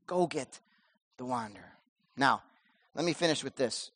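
A middle-aged male pastor preaching a sermon in a church, animated, moving between loud emphasis and soft asides. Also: mid-range voice, moderate pace.

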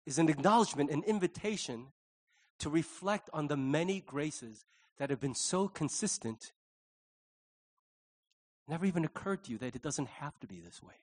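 Lively, animated middle-aged pastor. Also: male voice, fairly high pitch, moderate pace, pauses often. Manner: animated storyteller acting out quoted dialogue. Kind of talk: conversational sermon.

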